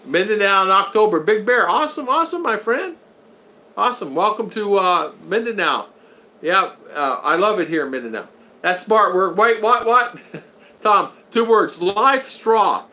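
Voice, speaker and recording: An older man from the United States hosts a casual livestream in a high, animated, sharp voice at a measured pace. He reads the chat aloud, greets viewers by name, and laughs often.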